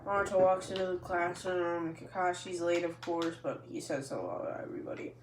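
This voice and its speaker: A woman's voice: lowish voice, fairly even intonation, a little fast, few pauses. A woman casually narrating an improvised fan story, rambling and correcting herself as she goes. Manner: rambling, restarts often. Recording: echoey room, faint noise.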